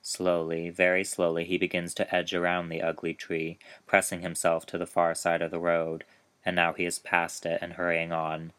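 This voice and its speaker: A man reading his own dark short story aloud in a slow, measured storytelling manner. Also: low-pitched, completely flat delivery, clean tone.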